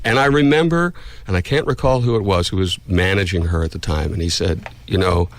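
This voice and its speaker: A man's voice: deep voice, a little fast. A man hosting a radio morning show, joking and teasing his guest with casual banter and frequent laughter in a studio. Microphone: studio microphone.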